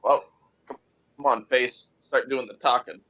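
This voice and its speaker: Slow, bright-voiced man at a game table. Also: mid-range voice. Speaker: player.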